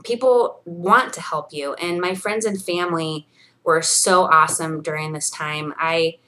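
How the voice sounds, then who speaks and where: A woman's voice: low-pitched, fairly even intonation, a little slow, pushed and bright, a little hiss or hum. A woman in her thirties recording a personal video diary, earnest and encouraging, reading from her journal and talking straight to viewers. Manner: earnest and encouraging, with many fillers. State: briefly emotional, near tears. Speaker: vlogger.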